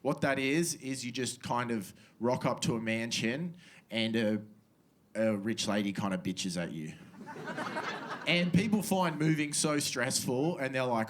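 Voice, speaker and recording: A man's voice: mid-range voice, moderate pace, background noise. A young Australian man in his twenties doing a stand-up comedy set on a club stage, casual and slangy, with muttered asides into a handheld mic.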